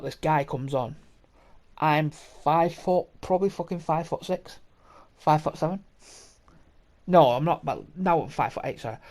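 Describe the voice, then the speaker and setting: The speaker is a young man hosting a podcast, and his mid-range voice has a darkish tone. He tells a story casually, rambling, cursing, laughing a lot and starting over several times.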